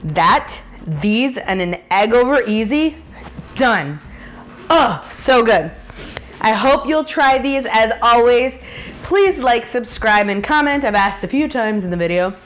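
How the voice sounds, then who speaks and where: A woman's voice: a little high, expressive, slow pace. A woman whose first language is Spanish, hosting a casual home cooking vlog in a chatty, bubbly way with jokey asides. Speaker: cooking channel host. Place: home kitchen, food sizzling.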